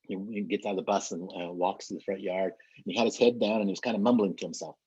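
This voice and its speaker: A man's voice: sits low, fairly even intonation, fast, a little mellow, husky, no room sound. A middle-aged man, a trainer, telling a motivational story in an earnest way, often repeating and restarting words. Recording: dull, muffled lo-fi recording.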